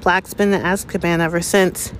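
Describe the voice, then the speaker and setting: A woman's voice: on the low side, little pitch movement, moderate pace, a little hiss or hum, close to an everyday voice. A woman voicing a pompous, anxious middle-aged male government minister in an audiobook, grave and official in manner. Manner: grave, official, speaks bitterly and sharply.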